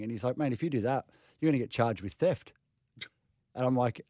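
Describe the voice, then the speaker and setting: A man co-hosts a sports radio show from a studio, and his voice comes through a dry close mic. He speaks at a middle pitch for a man. He talks frankly and gets worked up quickly. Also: expressive, mellow, dry recording. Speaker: radio co-host, former player. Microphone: studio microphone.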